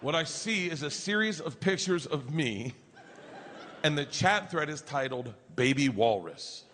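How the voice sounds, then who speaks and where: A man doing stand-up storytelling, loud and profane, acting out his family in quick voices. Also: fairly high pitch, expressive. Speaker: stand-up comedian. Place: large comedy venue, indoors. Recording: live venue with long reverb and audience noise. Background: crowd laughter and ambience.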